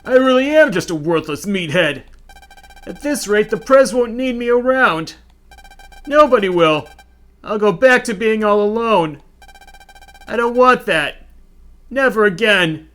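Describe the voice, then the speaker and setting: A man's voice: high-pitched, animated, measured pace, long pauses, a bit bright. A man doing a blustering burly schoolboy. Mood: gloomy. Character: hot-headed burly schoolboy, lonely underneath.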